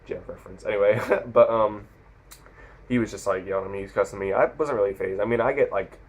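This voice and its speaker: Fast-talking teenage boy vlogger. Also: fairly low pitch, rough recording. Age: teens. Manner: rambling, self-correcting, animated retelling. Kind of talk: casual storytelling to camera. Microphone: camera mic.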